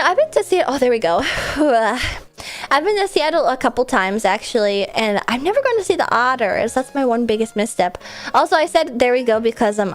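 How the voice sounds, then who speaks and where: A woman streamer chatting casually with a stuffy, congested nose, rambling and laughing often. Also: a little high. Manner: rambling, filler-heavy, frequent laughs.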